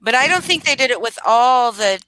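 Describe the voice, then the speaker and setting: A woman hosting a casual livestream panel over a video call, brisk and sarcastic as she runs things. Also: a little high, lively intonation, sharp tone. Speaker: livestream host.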